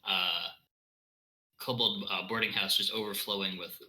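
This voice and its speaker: A man narrating a tabletop game as game master, relaxed and halting. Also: lowish voice, poor audio.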